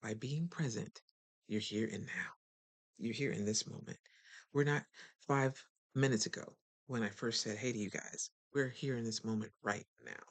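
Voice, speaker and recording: A lively host talking straight to listeners in a casual self-help chat. The voice sits at a middling pitch, and the delivery stays animated and conversational, with quick turns into acting out other people. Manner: chatty and direct, addresses listeners. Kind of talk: casual motivational talk.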